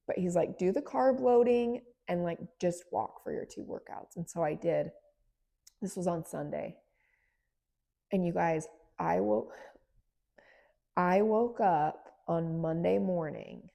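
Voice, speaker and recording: A woman in her late thirties telling a personal fitness story in a casual, emphatic vlog, swinging between low, weary stretches and bursts of excitement. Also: gravelly. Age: 30s. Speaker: fitness vlogger.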